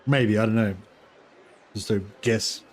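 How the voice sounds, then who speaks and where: Man, livestreamer, casual gameplay commentary, rambling, halting, talking while eating. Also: lowish voice, fairly even intonation. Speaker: streamer.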